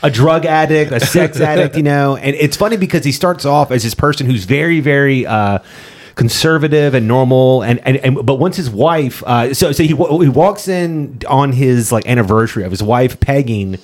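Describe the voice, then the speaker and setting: A man's voice: mid-range voice, moderate pace. A man co-hosting a casual podcast, talking through shows and movies with many fillers and restarts. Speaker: podcast co-host.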